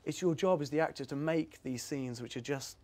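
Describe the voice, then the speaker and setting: A man's voice: a little high, brisk, darkish tone. A young man from England, an actor guest in a casual interview, chatting in a rambling way and laughing easily.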